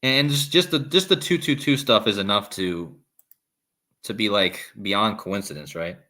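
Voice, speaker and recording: A man's voice: lowish voice, moderate pace, bright, forceful tone. A man hosting a casual live stream, rambling with restarts and reading viewer comments aloud. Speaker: livestream host.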